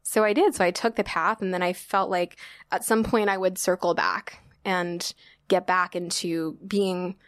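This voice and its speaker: A woman's voice: fairly low pitch, steady tone, a little slow, no room sound, clean studio sound. A woman in her thirties, a sommelier guest in an interview, telling her story in a chatty, casual way with lots of fillers. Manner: chatty, lots of "like" and "you know", laughs often.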